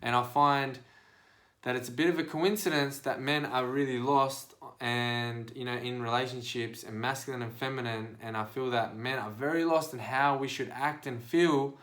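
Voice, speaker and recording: A man hosting a podcast, speaking casually and directly to his listeners in a preachy, animated monologue of advice. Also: mid-range voice, moderate pace. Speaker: podcast host and life coach.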